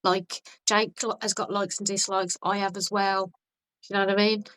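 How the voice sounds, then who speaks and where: A woman guest on a podcast, chatting casually and telling stories in a blunt, animated way with frequent restarts. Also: mid-range voice, normal speed, clean tone, no room sound, rough recording. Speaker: podcast guest, vegan activist.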